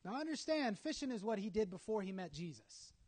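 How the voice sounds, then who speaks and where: A man's voice: high voice, very animated, brisk, darkish tone. A man preaching a sermon, telling a story dramatically with acted asides.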